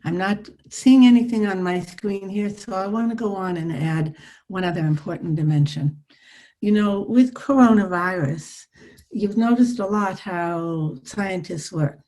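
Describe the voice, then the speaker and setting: Over a video call, a calm older psychologist teaches a live online workshop, her coaching gentle and soothing. She speaks at a medium pitch, a little on the slow side.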